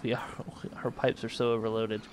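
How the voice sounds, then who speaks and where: Slight background noise sits under a man's lowish, level voice as he commentates casually at a moderate pace. He's hosting a let's play of a space colony game, reasoning aloud and correcting himself.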